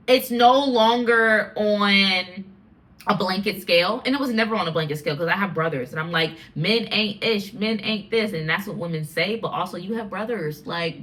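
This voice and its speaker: An American woman in her twenties hosting a casual solo podcast chat, animated and rambling, with frequent laughs. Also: medium pitch. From United States. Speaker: podcast host.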